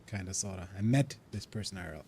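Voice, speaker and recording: A man's voice: sits low, fast talker, mellow, slight background noise. A man chatting casually with his live-stream viewers while he plays, rambling and thinking aloud. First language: German. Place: living in India.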